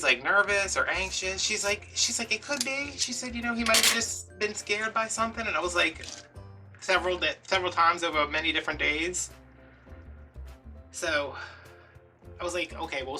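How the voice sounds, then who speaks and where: A man's voice: fairly high pitch, far from the mic. Chatty man telling a story. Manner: chatty, animated, acts out quotes. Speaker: craft vlogger. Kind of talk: casual storytelling while crafting.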